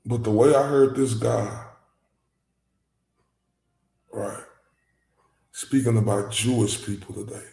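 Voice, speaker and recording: A man from Dallas giving casual, emphatic reaction commentary as a YouTuber, swinging between loud outbursts and low muttering. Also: slow, creaky, pauses often. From Dallas, Texas. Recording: echoey room.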